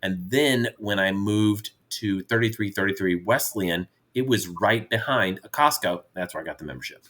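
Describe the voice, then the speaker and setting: A man's voice: on the low side, normal speed, hardly any pauses, fairly bright tone, a little hiss or hum. A middle-aged man co-hosting a casual chat with his daughter, telling rambling, jovial stories. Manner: jovial storyteller, rambling with restarts. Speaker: podcast co-host, father.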